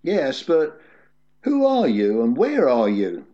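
A man voicing a desperate man stranded on a cliff, yelling and pleading for help. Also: medium pitch, huge pitch swings, takes it slowly. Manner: frantic pleading yells. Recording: dull lo-fi recording.

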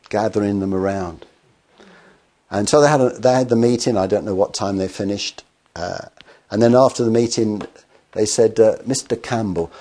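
A man's voice: fairly low pitch, warm tone. A man preaching a sermon, telling stories with acted quotes and rhetorical questions.

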